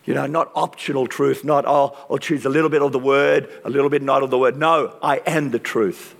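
A man preaching a sermon with passion and dramatic pauses, his voice strained from use. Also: medium pitch, fairly even intonation, vocal fry. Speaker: pastor. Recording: long reverb of a large hall.

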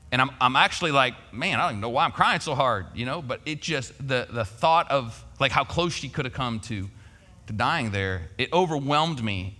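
A man's voice: medium pitch, pushed and bright, long reverb tail. A man preaching a sermon, telling a personal story in a folksy, conversational way. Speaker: pastor.

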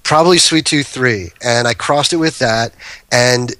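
Bright-voiced man telling rambling stories. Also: medium pitch, a little slow, no room sound. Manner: rambling anecdotes with restarts and asides. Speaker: podcast guest. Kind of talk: casual storytelling.

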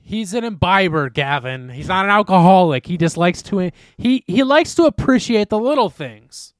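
A young man with a somewhat high voice tells a long, loose story in a casual podcast chat. He rambles, swears freely and leans on "like" while he talks. The sound is dry and close to the mic. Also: animated, moderate pace, no echo. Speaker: podcast co-host.

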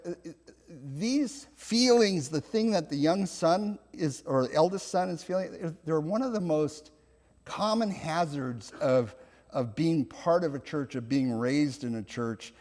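A man delivers a Sunday sermon in a church, unhurried and reflective, sometimes laughing softly and restarting his sentences. His voice sits a little high and moves over a wide range. The sound carries the long reverb of a large hall. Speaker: pastor.

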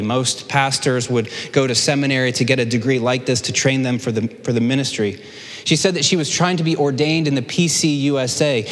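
A man preaching a sermon as a pastor, with self-deprecating asides and joking questions to the audience. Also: medium pitch. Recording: long hall reverb.

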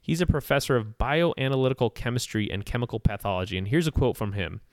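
A man hosts a casual podcast conversation and explains things at an easy, steady pace. His voice is smooth and resonant. The sound is dry and close, with no room around it. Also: medium pitch, fast, no echo. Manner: relaxed, steady explainer with fillers. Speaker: host explaining nutrition.

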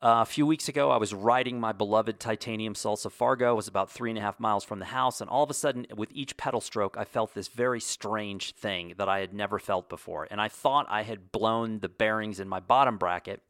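A man telling a long casual story as host, animated and acting out quoted lines in his own voice. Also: fairly low pitch, brisk, few pauses, no echo, clean studio sound.

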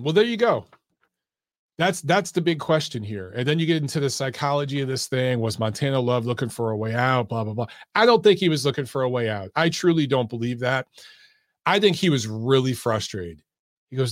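A man hosts his own boxing talk stream, speaking casually, bluntly and with plenty of animation. His voice sits a little high for a man, and the recording is dry and close, with no room sound. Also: normal speed, dry recording. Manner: blunt, animated, swears freely. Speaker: boxing commentator and channel host. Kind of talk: casual solo commentary livestream.

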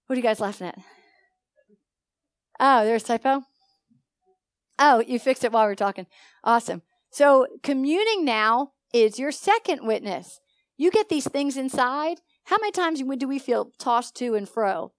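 A woman's voice: high-pitched, animated, moderate pace, no room sound, studio quality. A woman preacher teaching a church congregation, sharing personal testimony and asking the room questions. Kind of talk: sermon.

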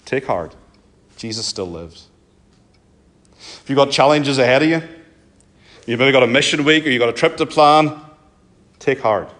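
A man with a Northern Irish accent preaching a sermon, earnest and pleading, often sinking to a soft, low emphasis. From Northern Ireland.

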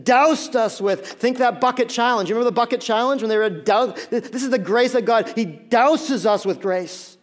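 A male pastor preaching a sermon, talking conversationally and emphatically and sometimes dropping to a hushed appeal. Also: very high-pitched, moderate pace, few pauses.

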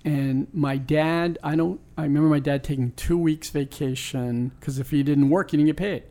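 A man's voice: fairly high pitch, fairly even intonation, moderate pace, warm tone. Earnest older man telling a story. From New York. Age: 60s. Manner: reflective, earnest, restarts sentences often. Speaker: sports team owner, guest. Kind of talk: personal storytelling in an interview.

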